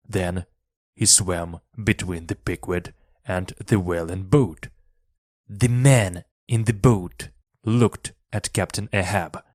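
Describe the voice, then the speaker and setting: A man reading a storybook aloud for language learners in a plain, measured way, one sentence at a time. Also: lowish voice, no room sound, studio quality. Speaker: reader. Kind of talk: slow storybook narration for learners.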